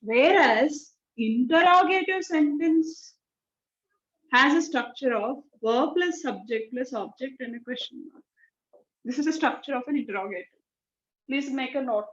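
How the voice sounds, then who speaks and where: High-voiced teacher, echoey room. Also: female voice, unhurried. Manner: explanatory, repeats key words, acts out example sentences. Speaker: English teacher. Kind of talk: classroom grammar lesson. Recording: echoey, dull classroom recording.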